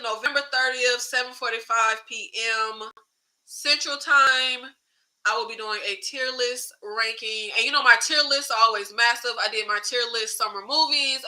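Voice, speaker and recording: A woman hosting a casual livestream chat, animated, swearing freely and reading out viewer comments. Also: sits high, poor audio. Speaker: YouTube host.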